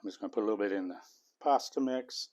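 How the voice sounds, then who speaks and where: A man's voice: on the low side, fast, a little mellow. A man hosting a home cooking video, chatting casually and tasting as he goes. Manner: homey, chatty, talks while eating. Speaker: cooking channel host.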